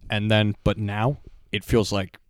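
A relaxed young man in his twenties chats as a podcast guest, rambling loosely with plenty of "like" and some casual swearing. His voice sits fairly low, recorded dry and close. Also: measured pace, dry recording. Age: 20s. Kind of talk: casual chat.

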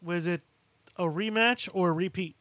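A man's voice: sits high, normal speed, sharp tone, no room sound. A man co-hosting a boxing podcast, talking casually and animatedly, swearing freely and acting out what fighters say. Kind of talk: casual chat.

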